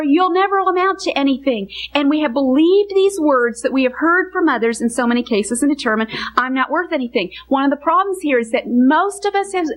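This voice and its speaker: A woman's voice: high-pitched, poor audio. A woman teaching from the Bible to other women in an earnest, emphatic sermon style, building her points through repeated parallel phrases.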